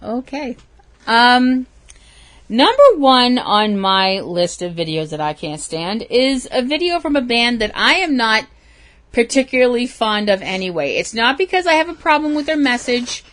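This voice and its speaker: A woman's voice: fairly high pitch, expressive, normal speed, a bit bright. A woman co-hosting a casual talk show, telling a story with lots of laughs and animation. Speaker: podcast co-host. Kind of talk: casual chat.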